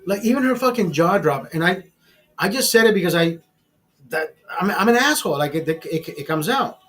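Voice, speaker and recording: A man hosting his own vlog, telling a story in a casual, profane and animated way, often repeating words when excited. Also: high voice, fairly quick. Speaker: vlog host.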